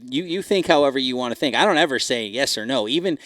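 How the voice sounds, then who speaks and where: Animated Boston-accented man, dry close mic. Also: mid-range voice, fast, no room sound. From US East Coast. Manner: animated storyteller, many restarts and quoted voices. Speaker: podcast co-host. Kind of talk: casual chat.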